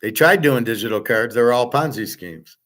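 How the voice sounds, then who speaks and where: A man teaching a relaxed online class, blunt and profane, rambling with restarts and answering viewers' chat. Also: medium pitch, fairly quick. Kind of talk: casual livestream lecture.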